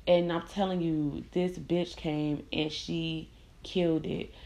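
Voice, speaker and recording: Young woman, podcast host, low-pitched voice, casual profane storytelling, lively quoted voices. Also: slow, creaky.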